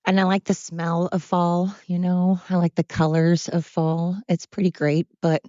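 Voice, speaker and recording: A woman from Oregon, USA, hosts her own podcast from home with her dogs, rambling casually and self-deprecatingly from one thought to the next. Her voice is on the low side, dark and level, and unhurried. The recording has no echo, but the highs are cut off.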